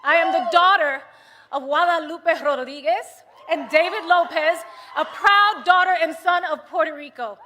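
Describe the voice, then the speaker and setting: High-voiced woman rousing a rally crowd. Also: normal speed, very noisy. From United States. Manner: impassioned, rousing, swings from hushed to shouting. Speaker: rally speaker. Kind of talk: political rally speech. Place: large rally venue with a cheering crowd.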